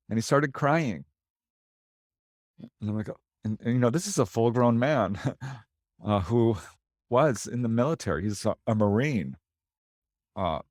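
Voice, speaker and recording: A man's voice: fairly low pitch, no room sound. Dry, close-miked man telling stories. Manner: animated, anecdotal, laughs between lines. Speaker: paranormal investigator, interview guest. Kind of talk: casual interview storytelling.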